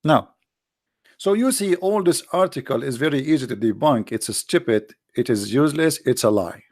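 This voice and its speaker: A channel host with an Arabic accent delivers sarcastic, mocking religious commentary on a stream, wandering into rambling asides. He speaks at normal speed in a medium-pitched, expressive, slightly mellow voice, captured with clean studio sound and no room tone.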